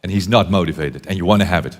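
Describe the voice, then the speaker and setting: A man's voice: low-pitched, rapid-fire. A man interviewing a speaker, asking short questions. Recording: reverberant hall.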